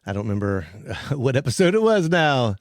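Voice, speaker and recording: A man's voice: medium pitch, very animated, moderate pace, no echo, clean studio sound. A man hosting a podcast from his basement, chatting casually, rambling and laughing often. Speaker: podcast host. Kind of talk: casual chat. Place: home basement.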